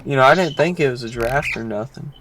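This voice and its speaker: A man's voice: medium pitch, fast, over music. Chatty man hosting a casual podcast. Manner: chatty, laughs often, theatrical storytelling. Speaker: podcast host. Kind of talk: casual chat and storytelling.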